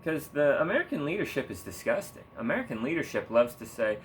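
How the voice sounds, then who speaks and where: A man's voice: a little high, very animated, fast talker, hardly any pauses, slight background noise. A young man ranting sarcastically about politics while playing a video game, swearing and rambling with frequent laughs. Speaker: gaming streamer. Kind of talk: casual political rant while gaming.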